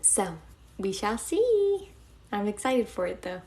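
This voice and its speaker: A woman's voice: mid-range voice, very animated, slow pace, mellow. A young woman live-streaming, chatting casually and giggling as she thanks her viewers.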